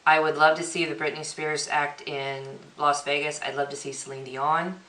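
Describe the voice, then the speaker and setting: A woman's voice: deep voice, little pitch movement, normal speed, a bit bright. A young woman vlogger chatting through a question-and-answer tag video, reading each question aloud and answering offhand. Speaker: beauty vlogger. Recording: echoey room.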